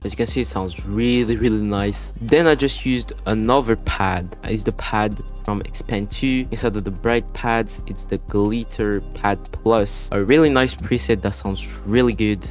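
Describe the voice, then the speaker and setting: A man with a French accent narrates a beat-making tutorial in a relaxed, rambling way, leaning on "you wanna" and "you know". His voice sits on the low side. Soft music plays faintly behind him. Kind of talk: screen-recorded music production tutorial. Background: beat playback between explanations.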